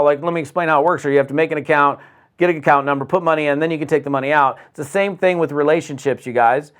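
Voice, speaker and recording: A man from the United States giving an energetic, conversational motivational talk on business, often restarting phrases and acting out quotes. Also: on the high side, very fast. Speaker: network marketing speaker.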